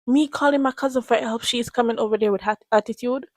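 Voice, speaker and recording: Gushing woman with a fairly high voice. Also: fast talker, few pauses, no echo. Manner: gushing, animated, rambling with restarts. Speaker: book reviewer. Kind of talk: casual chat to camera.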